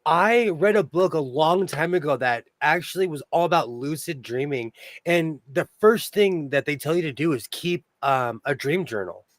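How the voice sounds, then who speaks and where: A man's voice: a little high, expressive, moderate pace, no room sound. A man with a Minnesotan-sounding accent hosting a sewing channel livestream from his home sewing room, a chatty storyteller who laughs often. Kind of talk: casual livestream chat.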